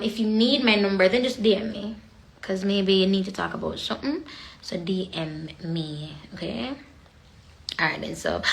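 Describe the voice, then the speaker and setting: A Jamaican woman chats casually on a livestream, drifting in and out of patois. Her voice sits a little high and sounds bright and sharp. The phone picks her up in an echoey room. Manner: chatty, slipping in and out of patois. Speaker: livestream host.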